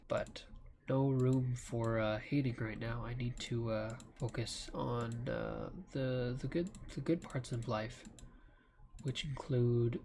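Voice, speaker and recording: A man giving slow, rambling commentary over his gameplay, with lots of fillers. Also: mid-range voice, slight background noise. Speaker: let's play gamer. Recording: loud keyboard clicking throughout. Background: keyboard typing and clicks.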